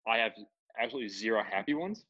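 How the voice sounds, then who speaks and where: A man's voice: on the low side, expressive, quick pace, pushed and bright. A young man co-hosting a podcast, chatting casually with lots of fillers and frequent laughter. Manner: filler-heavy, laughing often. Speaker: podcast co-host. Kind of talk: casual chat. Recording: dull, dry lo-fi sound.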